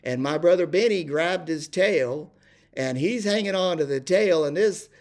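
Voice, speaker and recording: A man's voice: on the high side, animated, unhurried. An older man telling a rambling ranch story, full of fillers and restarts. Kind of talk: casual spoken storytelling.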